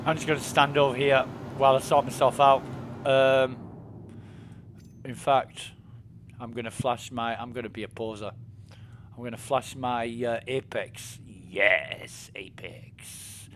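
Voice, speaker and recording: A man's voice: mid-range voice, flat delivery, a little slow, pauses often, slight background noise. Rambling man streaming a game. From United Kingdom. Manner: rambling, chatty, self-amused, lots of fillers. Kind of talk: casual live-stream chat. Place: home desk.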